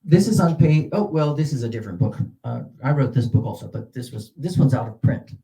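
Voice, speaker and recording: A man giving a workshop lecture to English teachers on word stress. He talks in halting stretches full of uh and restarts, then swoops his pitch up to model stressed syllables. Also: lively intonation, creaky, mellow. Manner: halting, with many uh fillers and restarts.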